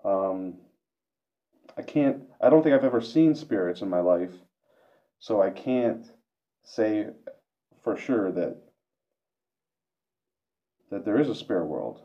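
A man's voice: lowish voice, sing-song, takes it slowly, long pauses, warm tone. A man vlogging a reflective monologue, hesitant and self-questioning, with frequent restarts. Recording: dull lo-fi recording.

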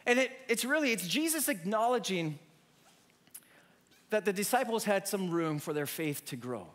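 High-voiced man telling a sermon story. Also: moderate pace. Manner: animated storyteller, many restarts. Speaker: preacher.

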